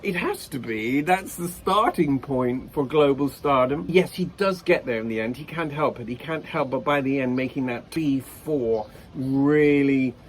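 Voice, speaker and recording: A man's voice: mid-range voice, a little slow, hardly any pauses, a little hiss or hum, poor audio. A man working as a vocal coach, giving reaction commentary in an effusive, openly emotional way.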